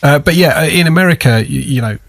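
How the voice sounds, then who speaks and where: A man's voice: on the high side, fast talker, vocal fry. A man from Lancashire with a Northern English accent, co-hosting a podcast in casual, rambling chat with plenty of swearing. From Lancashire, England. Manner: sweary, rambling, laughs often. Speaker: podcast co-host.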